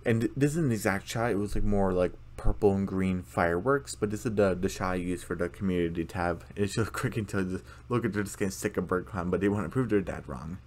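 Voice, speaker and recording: A man with a fairly low voice talks through a cartoon episode in a loose, casual recap. He rambles, full of fillers and restarts. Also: a little fast, hardly any pauses, a little mellow. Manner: rambling, many fillers, acts out characters' lines. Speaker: video commentator.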